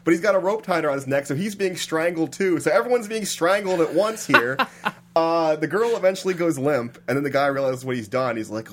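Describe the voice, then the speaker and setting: A man in casual podcast chat, recapping a strange film with lots of "like" and bursts of laughter. His pitch climbs high when he is outraged and drops low when he tells the quieter parts. He sounds loose and unscripted. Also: a little fast. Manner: animated storyteller, many "like"s, laughing at absurdity.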